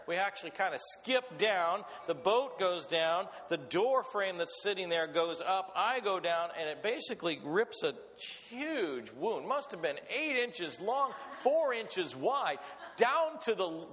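A middle-aged man preaching a sermon, telling a personal story in an animated way. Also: high voice, a little slow. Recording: long hall reverb.

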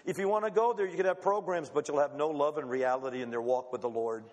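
High-voiced preacher in a reverberant hall. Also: male voice. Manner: dramatic, acts out quoted voices, emphatic pauses. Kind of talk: sermon.

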